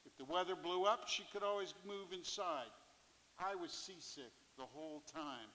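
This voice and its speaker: Man, bright high voice, live stage reading of a sea story, long theatre reverb. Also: moderate pace, slight background noise. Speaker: fisherpoet performer. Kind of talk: reading a first-person fishing memoir on stage.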